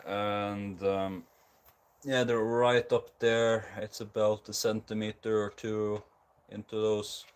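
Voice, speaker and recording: The streamer's voice is lowish and clean in tone, though he sounds tired and speaks with a Scandinavian accent. He rambles casually with many ums and restarts as he builds a guitar live. He records on a basic non-professional mic.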